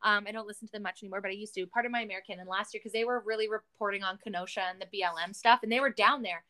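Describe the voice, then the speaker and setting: A Canadian woman hosting a podcast, chatting casually in an animated, ranting way and swearing often. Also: medium pitch, rapid-fire. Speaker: podcast host.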